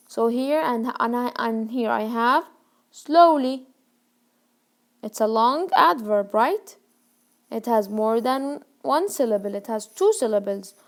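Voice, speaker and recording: A woman with a slightly high, gravelly voice teaches grammar to learners. She talks very slowly and deliberately, repeating each key word and pausing to check understanding. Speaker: English teacher.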